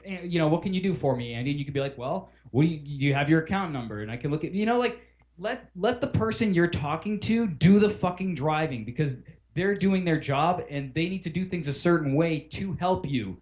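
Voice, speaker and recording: A man's voice: on the high side, animated, a little fast, a little mellow. A man co-hosting a podcast, ranting profanely and acting out customer phone calls in casual chat. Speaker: podcast co-host. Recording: dull lo-fi podcast audio.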